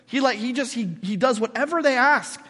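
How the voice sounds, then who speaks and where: A male pastor preaching a sermon in an animated, jokey way with sarcastic asides, recorded in a large hall with long reverb. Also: very high voice, fairly quick.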